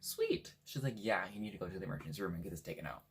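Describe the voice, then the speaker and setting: A young man from Washington State telling a story in a casual, animated way, swearing freely and acting out what people said. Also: low-pitched, very fast, slightly rough. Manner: animated, swears a lot, acts out quotes. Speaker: vlogger.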